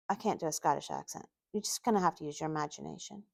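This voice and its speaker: A woman's voice: lowish voice, brisk, hardly any pauses, darkish tone, dry recording. A woman reading her own novel aloud, stepping out of the story for chatty asides. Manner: chatty asides between passages.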